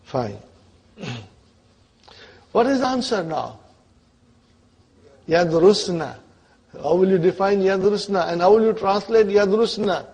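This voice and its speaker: A male teacher leads a classroom grammar lesson, patient and prodding, often checking whether his students are keeping up. His voice sits a little high and has a husky edge. He takes his time, spelling out each term slowly. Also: animated, a little mellow. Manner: quizzes students with frequent prompting checks; patient, repeats terms slowly.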